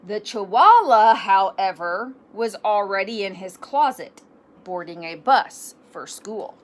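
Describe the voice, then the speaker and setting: A woman reading a children's picture book aloud, animated, with self-deprecating asides. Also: medium pitch, slow pace, a little hiss or hum. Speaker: storybook reader.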